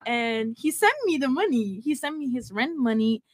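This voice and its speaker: A young woman tells a story on a podcast, giggling and blunt, her English slightly broken. Her voice sits a touch high. The sound is dry and close to the mic. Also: expressive, moderate pace, no echo. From Germany. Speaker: podcast guest. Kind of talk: casual storytelling chat.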